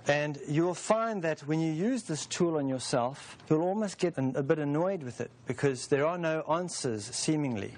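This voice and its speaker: Calm man in his forties teaching. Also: medium pitch. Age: 40s. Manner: calm, unhurried, explains through homely imagery. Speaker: author and teacher of a self-help process. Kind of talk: explanatory teaching talk.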